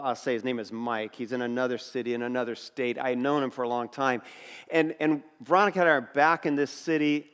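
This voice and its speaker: A middle-aged pastor preaching a sermon, telling personal stories in an animated way and acting out what others said. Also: male voice, a little high. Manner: storytelling, animated, acts out quotes. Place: church auditorium. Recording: long reverb of a church hall.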